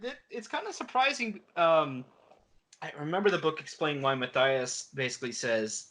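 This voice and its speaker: A man's voice: fairly high pitch, moderate pace. A man co-hosting a podcast in casual chat, recapping episodes and acting out the characters' lines as he goes. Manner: animated, acts out characters' lines while recapping. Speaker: podcast co-host.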